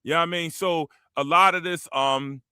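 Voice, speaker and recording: A man in his fifties from the Washington, D.C. area, telling stories in a casual panel chat, animated and slang-heavy. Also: a little high, moderate pace, smooth, dry recording, studio quality. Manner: animated storyteller, slang-heavy, acts out quotes. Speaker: panel host.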